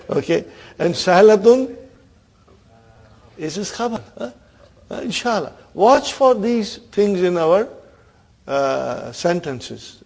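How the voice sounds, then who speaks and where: A man's voice: fairly high pitch, a little mellow, breathy edge. A man teaching an Arabic grammar class, quizzing his students and checking in with a "huh?" between points. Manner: questioning students, frequent "huh?" and laughs.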